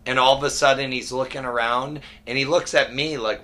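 Male podcast host, energetic storyteller, bright and forceful tone. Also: medium pitch, a little fast, hardly any pauses. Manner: energetic storyteller, quotes people. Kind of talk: casual chat.

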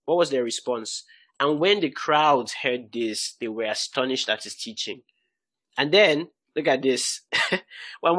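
A man teaching the Bible in a lively, conversational way, laughing often and stressing key words. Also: a little high, no echo.

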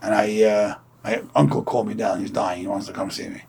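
In a fairly low, creaky voice at a fairly quick pace, a Brooklyn man teaches an informal Torah class. He speaks conversationally, telling stories and acting out the people he quotes, with slight background noise.

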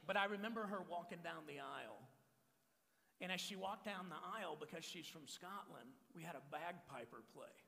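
A man in his forties from Texas preaches a playful sermon, hammering home the same phrases between jokes. His voice sits high and bright with heavy gravel in it. It rings out with a long reverb, as in a big hall. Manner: joking, energetic, repeats key phrases. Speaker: pastor. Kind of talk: humorous sermon to men. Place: church hall.

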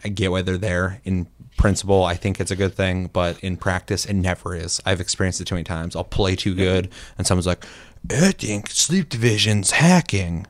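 Deep-voiced man, profane casual chat. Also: monotone, brisk, few pauses, dry recording. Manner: profane, rambling, acts out quotes. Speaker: podcast co-host.

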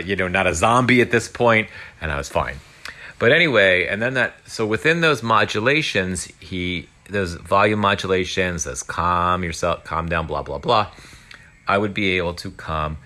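A man's voice: deep voice, bright, forceful tone. A man hosting his own podcast, talking alone in a rambling, self-mocking way with lots of fillers. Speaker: podcast host. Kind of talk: casual solo podcast monologue.

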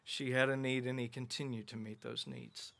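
A middle-aged man preaching a sermon as pastor, telling Bible stories with animated voices for the characters. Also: mid-range voice, normal speed, vocal fry. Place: outdoor gathering without a building.

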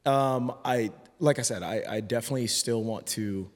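A man's voice: mid-range voice, normal speed. A man talking as a podcast guest in a casual conversation, earnest and hesitant, often restarting his sentences. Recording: long hall reverb.

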